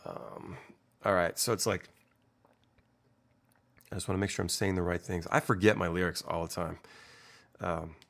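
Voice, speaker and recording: A man's voice: low voice, steady tone, moderate pace, creaky, long pauses, fairly bright tone. A young man from a band talking casually and candidly about the meaning of his song lyrics, swearing often and rambling with fillers.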